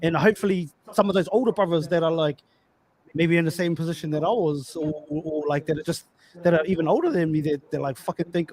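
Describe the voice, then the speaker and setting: Casual podcast co-host, Australian man in his thirties, high-pitched, slangy and profane. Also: fast talker, a little mellow. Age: 30s. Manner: loose, swearing, repeats words, slangy. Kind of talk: casual chat.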